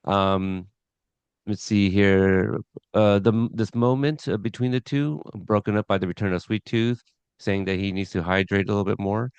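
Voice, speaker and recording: A man's voice: fairly low pitch, steady tone, normal speed, darkish tone, smooth, no echo, lo-fi sound. A man hosting a casual podcast, recapping an episode from his notes in a rambling way with chuckles. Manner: rambling, chuckling, reads scene notes aloud.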